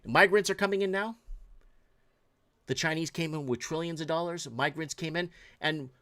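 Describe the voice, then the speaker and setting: A man's voice: fairly high pitch, moderate pace, bright, forceful tone. A man from Portugal hosting a late-night call-in show, ranting with heated emphasis and reading out viewer messages. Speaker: talk show host.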